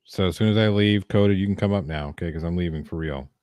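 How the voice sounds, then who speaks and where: A man's voice: deep voice, fast, darkish tone, no echo, studio quality. A man joining a stream as a guest, joking and teasing in casual banter. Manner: teasing, laughing.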